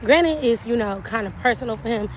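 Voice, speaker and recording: A young woman telling a storytime vent to camera, animated and indignant, acting out her own side of the exchanges. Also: a little high, a little fast, noisy background. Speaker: vlogger.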